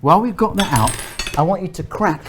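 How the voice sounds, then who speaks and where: Fussy man with a lively voice. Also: high voice, a little fast, background noise. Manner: fussy, joking, keeps saying "hang on". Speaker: cooking show host. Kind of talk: chatty live cooking segment. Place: outdoor park cooking setup.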